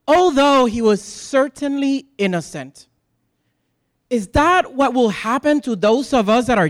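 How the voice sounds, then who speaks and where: A man's voice: very high voice, dry recording, studio quality. A man in his thirties with a Puerto Rican accent, a native Spanish speaker, preaching an impassioned sermon to a congregation with earnest, emphatic rhetorical questions. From Puerto Rico. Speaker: lay preacher addressing a congregation.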